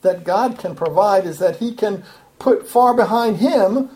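An earnest preacher explains a scripture passage verse by verse in an expository teaching style. The voice climbs higher and louder when pressing a point, and phrases often repeat or restart. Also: unhurried, background noise. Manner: earnest, emphatic, rises in pitch and volume when stressing a point; talks in repeating, back-and-forth phrases with small restarts.

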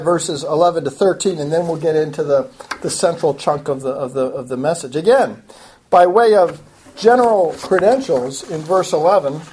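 A woman's voice: fairly low pitch, darkish tone, a little hiss or hum. A woman giving an earnest, explanatory Bible study lecture, walking through a passage verse by verse and building to emphatic urging. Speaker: Bible teacher.

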